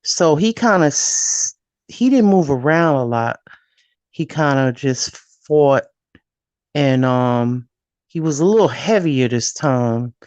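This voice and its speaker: A woman joining a live stream by call, talking boxing in a measured, hesitant way with many fillers. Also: very deep voice, animated, darkish tone, no echo.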